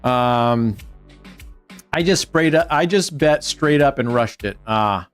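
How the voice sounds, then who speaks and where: A man's voice: medium pitch, takes it slowly, clean tone, faint music behind. A man hosting a livestream giveaway, chatting casually and teasing viewers in playful banter. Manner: joking, teasing banter with chat. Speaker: livestream host.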